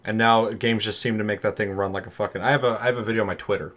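A man with a lowish voice in loose, casual conversation. He talks with lively energy, swears often and drops into quick mock voices as he tells his stories. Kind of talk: casual chat.

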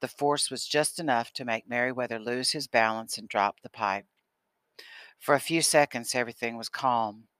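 A man narrating an audiobook in a steady storytelling manner. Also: medium pitch, normal speed, no echo. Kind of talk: scripted narration.

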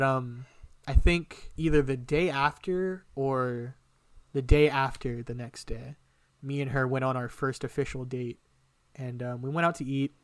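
A young man casually telling a personal story on a podcast, animated and emotional, swearing often. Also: medium pitch, no echo. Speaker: podcast co-host.

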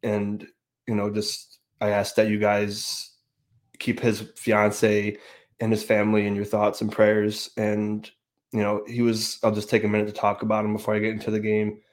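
A grieving man hosting a sports fan show, talking in a subdued, halting way with many restarts. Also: on the low side, completely flat delivery. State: grieving, emotional. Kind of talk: casual sports podcast talk.

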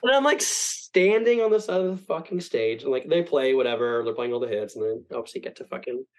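Fast-talking young man telling a story. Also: mid-range voice, rough recording. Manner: rambling, profane, animated quoting. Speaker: podcast guest. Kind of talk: casual storytelling.

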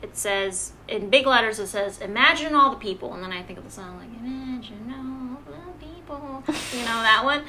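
Chatty woman podcast host, bright voice. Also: mid-range voice, a little fast, hardly any pauses. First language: Vietnamese heritage, speaks English. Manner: chatty, laughs often, trails off mid-sentence. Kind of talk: casual chat.

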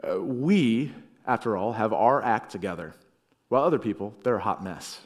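A middle-aged male pastor delivers a sermon in an earnest voice. He presses hard on key phrases, then sinks to quiet, low lines when reading scripture. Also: animated, moderate pace. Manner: earnest, swings between loud emphasis and quiet lows.

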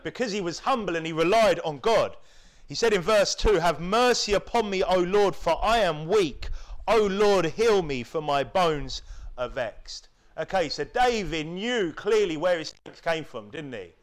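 Preacher from the UK, man with a high voice, forceful sermon, mocks complainers in whiny put-on voices. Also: lively intonation, unhurried. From United Kingdom. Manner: rhetorical, keeps asking tag questions; mimics whining voices to mock them.

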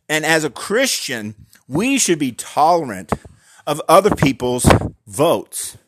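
A man giving an earnest, emphatic opinion talk, speaking directly to the listener and slowing down to stress key words. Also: fairly high pitch, sing-song, fairly bright tone, slight background noise. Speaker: Christian commentator on voting.

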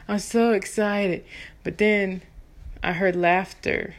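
A woman in her thirties from Texas, a soprano singer, telling a personal story in an animated, chatty way with lots of fillers. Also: mid-range voice, slow, long pauses. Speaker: vlogger. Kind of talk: casual storytelling.

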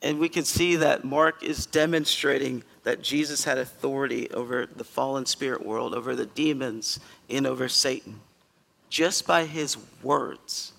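A male pastor giving a conversational sermon in a church, earnest and emphatic, with sudden loud bursts. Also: medium pitch, fairly even intonation, a little slow, gravelly, long reverb tail. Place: church sanctuary.

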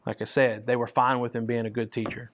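A man's voice: mid-range voice, flat delivery, quick pace, slight background noise. A man leading a Bible study in a conversational teaching style, often checking in with listeners by asking "right?" after his points. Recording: dull lo-fi recording.

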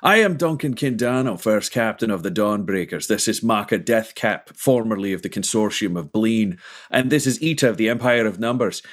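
A man's voice: fairly low pitch, lively intonation, normal speed. A man playing a courtly, formal captain. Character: formal, grandiloquent male captain. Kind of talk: tabletop game role-play.

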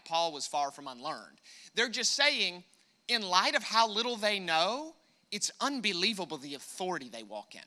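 American guy preaching, high voice, really bright and sharp, keeps hammering his points. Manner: emphatic preaching, rising loud on key points, repeats words; calls on the congregation to respond. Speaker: pastor. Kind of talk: sermon.

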